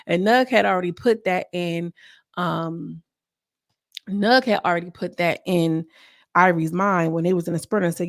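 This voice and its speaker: Chatty woman with a gravelly voice. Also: medium pitch, brisk, no room sound, clean studio sound. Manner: chatty and animated, acts out cast members' lines. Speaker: reality TV recap vlogger. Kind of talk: casual episode recap.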